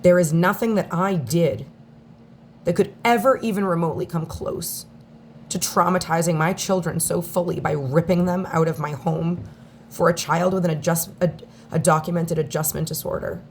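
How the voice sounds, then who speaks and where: A woman speaking in an emotional personal video statement, on the verge of tears, with halting, heartfelt delivery and long pauses. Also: lowish voice, fairly even intonation, a little hiss or hum. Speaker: mother speaking out in a daily video diary.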